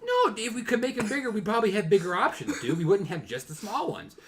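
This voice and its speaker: A young man co-hosting a casual podcast, ranting and telling stories in an animated way that swings from low mutters to loud bursts. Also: fast. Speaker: podcast co-host. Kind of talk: casual chat.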